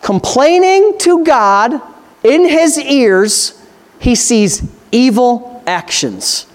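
A man's voice: very high-pitched, very animated, very slow. A male pastor preaching a sermon, reading Scripture and posing emphatic rhetorical questions.

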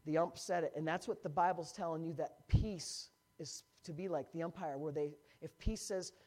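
A slightly higher-voiced man preaches from a stage microphone, weaving a lively personal story into his sermon. He builds each point with rising emphasis, then drops back into a conversational tone. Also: normal speed. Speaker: pastor.

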